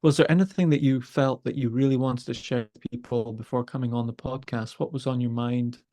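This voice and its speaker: A man, a podcast host telling a story with exasperated, animated energy. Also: medium pitch, a little fast. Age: 50s. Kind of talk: conversational storytelling.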